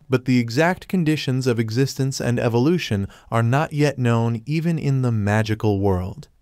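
A man reading a scripted story recap in a steady, even storytelling manner. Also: medium pitch, dry recording, studio quality. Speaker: recap narrator.

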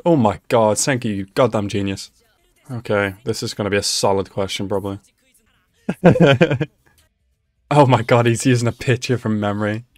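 A man hosting an anime reaction video, talking casually and excitedly at the screen, laughing often. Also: fairly low pitch, dry recording, studio quality. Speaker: anime reaction channel host.

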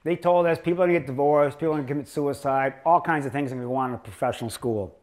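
An older man with a voice a bit higher than most men gives a lecture as a chiropractor. He jokes and rambles through his stories with a sarcastic edge. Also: rapid-fire, a little mellow. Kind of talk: humorous lecture storytelling.

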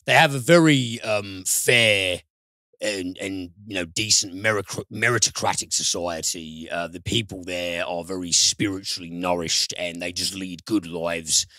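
A man's voice: low-pitched, fairly even intonation, unhurried, bright, forceful tone, dry recording, studio quality. A British man reviewing films on a podcast in casual chat, enthusiastic and swearing freely. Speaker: film reviewer.

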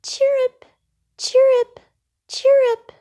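A woman voicing tiny baby bird chicks in a storybook, chirping in a very high, squeaky voice. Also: level tone, drawn-out words, dark tone, heavily acted. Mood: chirpy.

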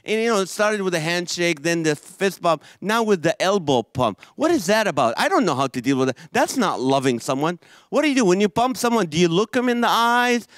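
A man from Israel doing a stand-up comedy routine, animated and quick with quoted voices. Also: high-pitched, no room sound.

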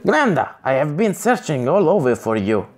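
A man's voice: on the high side, big pitch swings, moderate pace. A man reading the lines of a proud young male rival swordsman from a gamebook, in a stiff read-aloud way. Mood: haughty.

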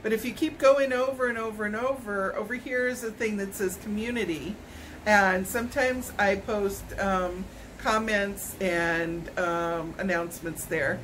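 A woman's voice: mid-range voice, fairly even intonation, a little slow, a bit bright, a little hiss or hum, low-quality recording. A woman, vlogging a casual product unboxing at home, chatty and rambling with self-corrections. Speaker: YouTube vlogger.

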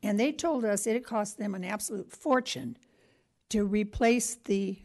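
A woman speaks at a city council chamber podium in a chatty, rambling way, tumbling from one story to the next. Her voice sits at an everyday middle pitch. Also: a little slow, a little mellow. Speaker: historical association member. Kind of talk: public comment at a city meeting.

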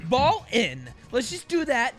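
A young man playing a video game with a friend, loud and frantic, yelling at his teammate. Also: very high voice, wildly swooping pitch, measured pace, soft background music. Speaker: gaming YouTuber. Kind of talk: let's play banter.

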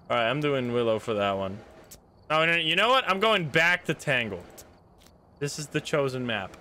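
Man, game streamer, live commentary, excitable, swears a lot, bright tone. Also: mid-range voice, moderate pace, a little hiss or hum. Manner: excitable, swears and laughs at his own mishaps. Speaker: streamer playing a ghost-hunting game.

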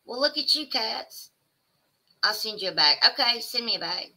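Bright-voiced Southern woman chatting on stream. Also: a little high, lively intonation, moderate pace. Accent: Southern American. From American South. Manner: chatty, exclaiming, drawling asides to chat. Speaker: livestream host reading chat. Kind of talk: casual chat.

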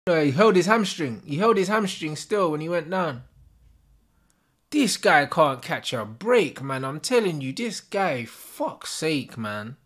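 A young man reacts live to a football match, his voice swinging widely up and down as he groans and rants. He swears freely, packs his talk with street slang and yells at the referee. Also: fairly high pitch, big pitch swings, a little slow. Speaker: football fan streamer. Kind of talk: live watch-along commentary.

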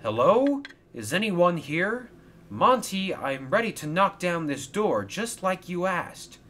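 A man voicing an eager young engine in a high, jumpy voice in a storybook reading. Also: big pitch swings, unhurried, sharp tone, slightly rough, full character voice.

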